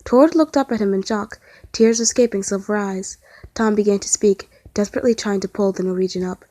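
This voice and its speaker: A woman narrates a fan-written story aloud in an earnest, emotional read. Her voice sits at a middling pitch, and the recording is dry and close, with no room sound. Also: brisk, dark tone, dry recording.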